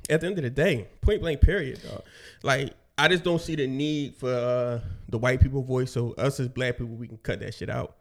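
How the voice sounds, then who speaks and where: A young man talking casually, with slang and swearing, steady and emphatic when making a point. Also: mid-range voice, moderate pace, creaky. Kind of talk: casual conversation.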